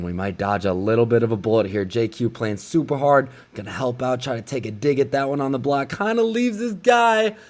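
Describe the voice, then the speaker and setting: A young man casually recapping basketball highlights like an excited fan commentator.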